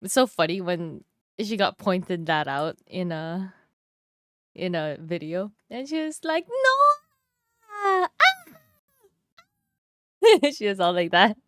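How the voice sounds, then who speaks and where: A woman from Canada talks casually to her stream viewers as she draws, tossing questions to her chat and laughing often. Her pitch swings widely and expressively. The sound is dry and close, with no room echo. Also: lively intonation, measured pace, clear, resonant tone.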